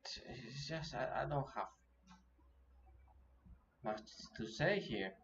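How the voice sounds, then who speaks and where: A man giving live commentary as he day trades, thinking aloud and talking himself through his nerves with halting restarts. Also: medium pitch, expressive, a bit bright. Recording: dull lo-fi audio with faint noise.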